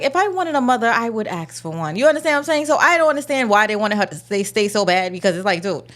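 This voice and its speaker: Animated, sarcastic woman reviewing a movie. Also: mid-range voice, fast, hardly any pauses. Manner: animated, sarcastic, slangy, mocking voices. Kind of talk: casual vlog rant.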